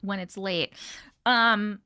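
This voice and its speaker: This young woman with a Long Island, New York accent giggles and swears as she reads comments during a casual live stream she's hosting. Her medium-pitched voice is steady, slow, bright and forceful, with a clean tone. It's a dry, clean studio recording.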